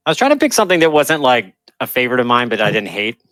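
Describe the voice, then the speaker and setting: Brief: male player, dry humor, bright tense tone, very dry close sound. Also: mid-range voice, very animated, very fast, no echo. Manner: dry, joking. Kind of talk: casual tabletop game chat.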